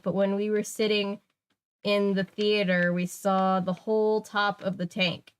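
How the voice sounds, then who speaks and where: A woman's voice: medium pitch, clear, resonant tone. A young woman reading a kids' mystery book aloud, breaking off for chatty, jokey asides. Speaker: channel host. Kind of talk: casual reading aloud with commentary.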